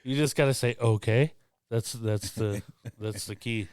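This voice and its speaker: A man's voice: fairly low pitch, unhurried, darkish tone, smooth, dry recording, clean studio sound. A man co-hosting a casual podcast, enthusiastic and cursing, often cheering his co-hosts on. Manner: enthusiastic, says "hell yeah" a lot. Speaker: podcast co-host.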